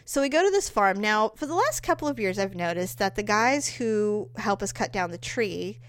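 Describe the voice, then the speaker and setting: A woman's voice: mid-range voice, moderate pace. A middle-aged woman telling a long family story in casual chat, acting out quoted voices. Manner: animated, acts out quoted voices with big jumps up.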